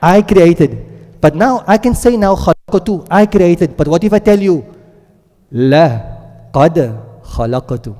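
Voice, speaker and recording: A man's voice: high-pitched, normal speed, dark tone. A man teaching a Quran and Arabic grammar class, who keeps asking the class questions and drilling words aloud. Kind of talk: classroom lecture. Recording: long echo of a lecture hall.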